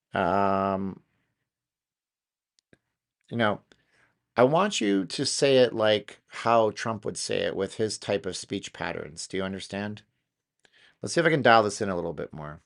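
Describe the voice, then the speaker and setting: A man's voice: fairly low pitch, a little slow, gravelly, pauses often. A man hosting a casual live stream, rambling along with lots of fillers and restarts.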